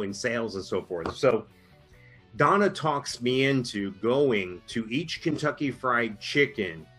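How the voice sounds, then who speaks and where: A man's voice: medium pitch, a bit bright, slightly rough. A middle-aged man casually telling a funny story on a podcast, laughing as he goes. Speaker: podcast co-host.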